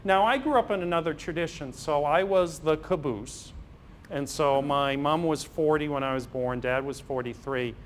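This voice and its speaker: A man's voice: fairly high pitch, normal speed. A middle-aged man speaks to a parish audience in a slightly raised voice. He tells stories and slips into the voices of the people in them, with a dry sense of humor. A faint hiss of noise sits under his voice. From Massachusetts, USA. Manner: storytelling, acts out dialogues with humor. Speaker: priest and physician giving a parish talk. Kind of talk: anecdotal public talk. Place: parish hall.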